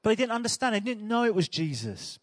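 A man's voice: sits high, sing-song, fast, dry recording, studio quality. A man preaching a sermon in a chatty, humorous storytelling way.

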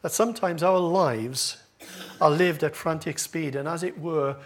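A man's voice: fairly high pitch, measured pace. A male pastor preaching a sermon to his congregation, with a humorous, self-deprecating manner. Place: church with congregation. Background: congregation laughing.

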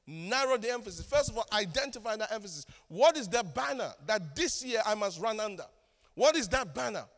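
A man with a high voice preaches a sermon as pastor, his words ringing through a church hall with a long reverb. He calls for responses from the congregation and swings between loud exclamations and quiet asides. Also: expressive, fairly quick.

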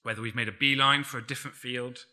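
Male preacher, sermon delivery, bright crisp tone, deliberate with quiet emphatic drops. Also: medium pitch, fairly even intonation. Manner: measured, emphatic, drops to a near-murmur on key words.

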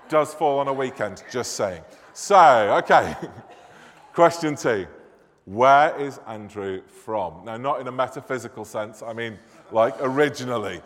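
A man in his thirties from Manchester with a Northern English accent, running a playful quiz during a church service, joking with the congregation. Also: mid-range voice. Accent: Northern English, Mancunian. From Manchester, England. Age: 30s. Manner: jokey, self-deprecating, chatty with the congregation. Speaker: church minister. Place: church hall or nave. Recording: long church reverb.

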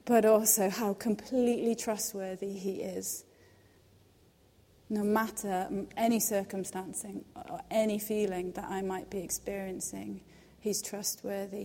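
Young woman, devotional speaker, earnest and reassuring, mellow tone, long hall reverb. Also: medium pitch. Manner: earnest, reassuring, quotes scripture softly. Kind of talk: devotional teaching.

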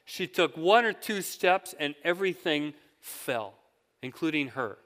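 A man's voice: fairly high pitch, expressive, measured pace, a bit bright. A man preaching a sermon, telling stories in a conversational way and asking his listeners questions. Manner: conversational storytelling with questions to the congregation. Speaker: pastor. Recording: long hall reverb.

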